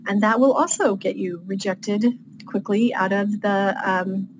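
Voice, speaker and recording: A woman author explains writing rules in a chatty, loose manner, with plenty of fillers. Her voice is at a middle pitch, with faint noise in the background. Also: steady tone, unhurried. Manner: chatty, with frequent fillers and light laughs. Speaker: author guest. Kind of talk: casual teaching interview.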